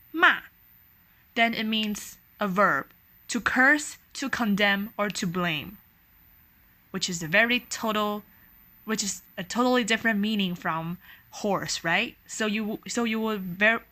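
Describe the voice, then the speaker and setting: Brief: young woman from Taiwan, teacher, crisp bright tone, patient tutorial delivery. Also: medium pitch. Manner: patient, demonstrating tones with sung-out syllables. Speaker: language teacher. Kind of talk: explanatory language lesson.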